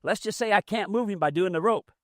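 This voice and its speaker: A man's voice: sits high, quick pace, dry recording, clean studio sound. A man running a hands-on mule training demonstration outdoors, explaining in a folksy, plainspoken way as he works. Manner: folksy, explains as he works, drawling rural grammar.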